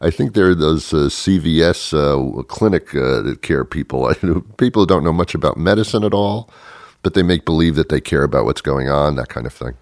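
Man, radio host, very low voice, gravelly, dry self-mocking humor, bone-dry studio sound. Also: normal speed, no room sound. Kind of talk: rambling comic monologue.

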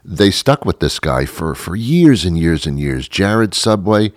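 A man's voice: low-pitched, very animated, unhurried, dry recording, clean studio sound. A man hosting a show, delivering a rambling, sarcastic and playful comic monologue. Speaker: host. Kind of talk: comedic monologue.

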